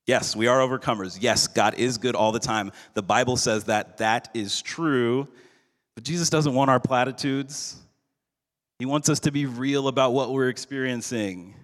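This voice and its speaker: A male pastor giving a sermon in an earnest, measured way, slowing down for emphasis. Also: medium pitch, fairly bright tone. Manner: earnest, measured preaching with slowed emphatic phrases. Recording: long hall reverb.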